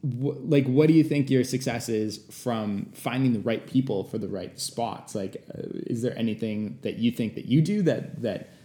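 A man interviewing a chef, asking loose casual questions and giving quick agreeing replies. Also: medium pitch, mellow, reverberant.

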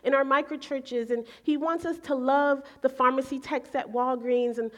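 A woman in her forties preaching, telling a personal story in an animated way and acting out her own thoughts. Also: sits high, moderate pace. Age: 40s. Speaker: pastor. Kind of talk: sermon storytelling.

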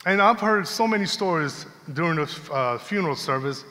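Animated preacher in an echoing hall. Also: male voice, on the high side, moderate pace. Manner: conversational, animated storytelling with laughs. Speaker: pastor. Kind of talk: sermon with personal storytelling. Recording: long hall reverb.

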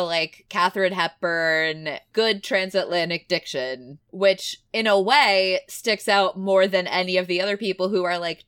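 A chatty woman co-host picking apart an old movie, her voice bright and clear as it bounces between laughs and loose asides. she sounds easygoing and talks in quick, casual runs. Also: fairly low pitch. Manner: chatty, laughs often, frequent "like" fillers. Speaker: podcast co-host reviewing films. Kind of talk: casual film-review chat.

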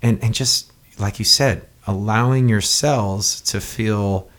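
A man's voice: lowish voice, fairly even intonation, takes it slowly, fairly bright tone. A man hosting a podcast, talking earnestly and rambling, often repeating words as he goes. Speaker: podcast host. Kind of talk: casual conversation.

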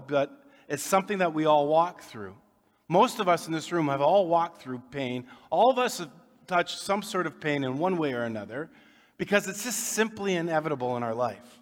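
Male pastor, folksy and joking, slightly high voice, church hall reverb. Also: animated, moderate pace. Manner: folksy, joking, conversational preaching. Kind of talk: sermon. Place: church sanctuary.

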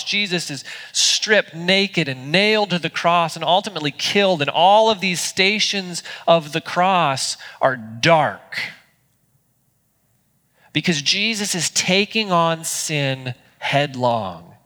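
Bright-voiced man preaching in a reverberant auditorium. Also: a little high, lively intonation, slow. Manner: earnest, conversational preaching with small restarts. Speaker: pastor. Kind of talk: sermon. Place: church auditorium.

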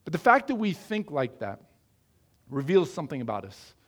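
A man's voice: fairly high pitch, very animated, normal speed. A middle-aged man from the American Midwest preaching a sermon, earnest and conversational, asking his listeners questions. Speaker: pastor.

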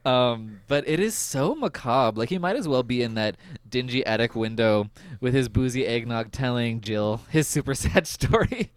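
A young man hosting a podcast, recapping an episode in casual chat, laughing often and filling pauses with "um" and "like". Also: mid-range voice, clean tone, dry recording. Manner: laughs often, goofy and animated, lots of fillers. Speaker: podcast host.

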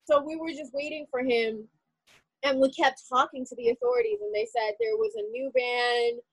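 High-voiced woman telling a personal story. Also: moderate pace, vocal fry, no room sound, poor audio. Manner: animated, heavy use of "like" fillers. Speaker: interviewee.

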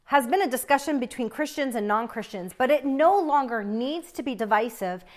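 A young woman teaching a Bible lesson in an earnest, chatty way, often checking in with "right?". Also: fairly high pitch.

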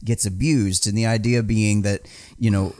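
A low-pitched man, chatting on a podcast in a rambling, casual way. He swears freely and restarts his sentences often. The sound is dry and close, with no room echo. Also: steady tone, normal speed, darkish tone. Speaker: podcast co-host. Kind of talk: casual chat. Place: small building.

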